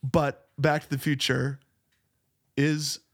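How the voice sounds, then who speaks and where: A man's voice: on the high side, level tone, slow. A man co-hosting a podcast, chatting casually about a movie and laughing often. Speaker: podcast co-host. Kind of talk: casual movie-review chat.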